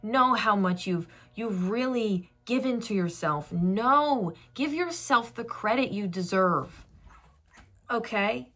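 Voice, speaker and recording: Young woman oracle reader, unhurried soft-spoken encouragement, bright tone. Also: mid-range voice, lively intonation. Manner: slow, soft, affectionate, emotional encouragement. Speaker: tarot reader. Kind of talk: channeled oracle message to viewer.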